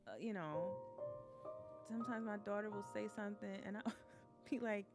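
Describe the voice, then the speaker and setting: A woman in casual conversation, an expressive storyteller who acts out what others said. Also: medium pitch, moderate pace, loud music behind the voice.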